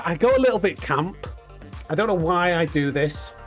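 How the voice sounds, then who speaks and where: A man's voice: fairly high pitch, expressive, normal speed, soft background music. A man in his thirties hosting a live gaming stream, cheeky and jokey, laughing often and chatting with viewers. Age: 30s. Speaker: streamer host. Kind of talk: casual live-stream chat while gaming.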